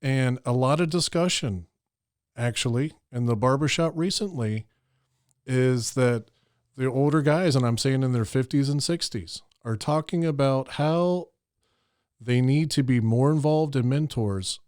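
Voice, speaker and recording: A man's voice: mid-range voice, a little slow, a little mellow, dry recording, studio quality. A man hosting a podcast interview, enthusiastic and eager to sum up and connect his guest's ideas. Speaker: podcast host. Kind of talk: casual interview talk.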